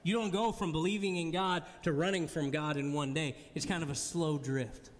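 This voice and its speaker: A man preaching in a casual, joking way and chatting with his congregation as he talks. His voice sits a little high for a man and carries a long reverb from a big hall. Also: steady tone, normal speed. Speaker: pastor. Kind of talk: sermon. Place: church hall before a congregation.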